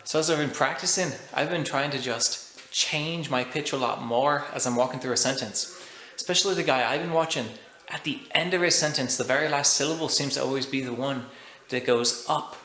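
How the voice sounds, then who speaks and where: A man's voice: mid-range voice, a little fast, bright, forceful tone. Chatty young man on a webcam. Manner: upbeat, self-deprecating, chatty. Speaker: vlogger learning an accent. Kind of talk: casual self-recorded vlog. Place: home at night.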